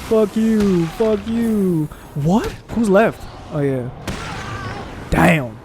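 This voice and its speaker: A young man casually commentating his gameplay, excitable and profane, trash-talking enemies on screen. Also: high-pitched, extremely slow, noisy background. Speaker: gaming channel host.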